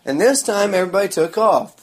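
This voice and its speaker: A man's voice: sits high, lively intonation, fast talker. A man, telling a rambling story in a sarcastic, crude, mocking way. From Oklahoma. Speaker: vlogger.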